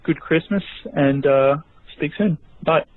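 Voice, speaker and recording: A man from Australia leaving a friendly, halting voicemail full of fillers for a podcast. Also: a little high, slight background noise. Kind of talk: casual voicemail message. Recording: tinny phone line.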